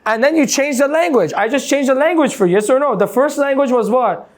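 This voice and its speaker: A man giving an energetic motivational seminar talk, quizzing a live audience with "yes or no?" and playing out examples. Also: very high-pitched, a little fast. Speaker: motivational coach.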